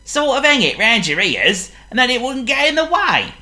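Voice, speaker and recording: A woman's voice: on the high side, sing-song, normal speed, bright, forceful tone, pitched above the performer's own voice. A woman voicing a helpful male wolf in a storybook reading, drawing out his suggestions.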